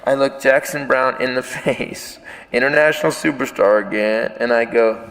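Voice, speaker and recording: A man doing stand-up storytelling on stage, animated, swinging between shouting and hushed impressions. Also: medium pitch, normal speed. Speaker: stand-up comedian. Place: stage in a theater. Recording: live venue with long reverb, faint ambience.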